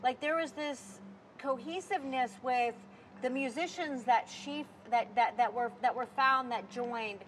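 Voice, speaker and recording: A woman with a high voice talks loosely about music and keeps restarting her sentences. She leans on filler words constantly. Faint noise sits under the recording. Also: unhurried, low-quality recording. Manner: rambling, filler-heavy with many "like"s. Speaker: podcast co-host. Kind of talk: casual chat about music.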